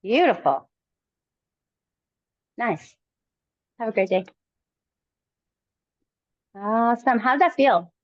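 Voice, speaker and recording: A woman coaching a kettlebell workout live, giving calm encouraging cues in short phrases. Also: fairly high pitch, slow pace, long pauses, no echo, lo-fi sound. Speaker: fitness coach.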